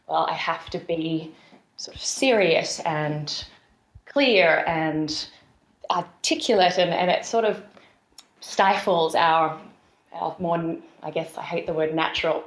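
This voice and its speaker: Guest, female, soft Australian accent, fluent trainer-actor, roomy audio. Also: fairly low pitch. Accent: softened Australian. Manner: articulate, expressive, fluent explainer. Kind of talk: conversational podcast interview. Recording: roomy echo.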